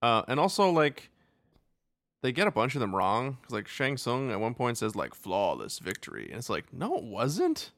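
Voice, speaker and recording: A man's voice: medium pitch, lively intonation, normal speed, fairly bright tone, dry recording. A man co-hosting a podcast, rambling casually about a movie, laughing often and acting out silly quotes. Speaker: podcast co-host. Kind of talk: casual movie review chat.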